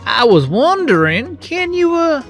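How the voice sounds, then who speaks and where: Performer playing a curious little boy bunny, chatty and playful, unhurried, lively rises and falls, says y'all. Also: high-pitched, faint music behind, exaggerated voice. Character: small young boy rabbit, curious and playful.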